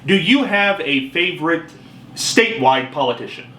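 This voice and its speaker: A man's voice: fairly high pitch, animated, moderate pace, pushed and bright. A man hosting a talk radio show, with an upbeat, showy announcer delivery and playful teasing. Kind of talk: casual talk show banter. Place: radio studio. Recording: echoey room, faint background noise.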